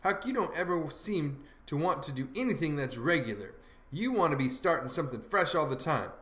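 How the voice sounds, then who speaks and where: In an audiobook reading, a man voices a bossy, know-it-all teenage boy who lectures in folksy dialect. His voice is fairly high, sing-song, brisk and a little bright, and the recording has a roomy echo.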